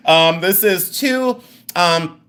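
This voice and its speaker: A man's voice: high-pitched, drawn-out words, fairly bright tone. A man hosting a live jewelry sale, chatting casually, joking and laughing as he describes rings and pendants with enthusiasm. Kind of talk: live sales stream chat.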